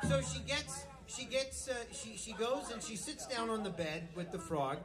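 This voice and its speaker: A man with a high voice tells jokes on stage, wandering through each setup and tripping over his words as he restarts. He chuckles as he goes. A crowd murmurs and reacts loudly in the live club recording. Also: animated, fairly quick, hardly any pauses. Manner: rambling, stumbling restarts, chuckling between lines. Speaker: stand-up comedian. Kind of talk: live stand-up joke telling. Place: live music venue.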